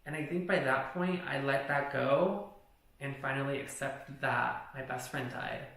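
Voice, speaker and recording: A young man recounts a personal story in a blunt, profane, candid way. His voice is gravelly and bright. The recording has a very roomy echo around it. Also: mid-range voice, a little slow. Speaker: vlogger. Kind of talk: storytime vlog. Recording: very echoey room.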